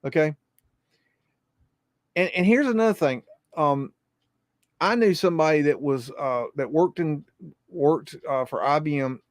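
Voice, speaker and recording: A man hosts a live podcast and rambles, repeating himself and swearing freely. His voice sits a bit high. The sound is dry and close. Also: a little slow, pauses often, dry recording. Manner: rambling, repetitive, profane. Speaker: podcast host.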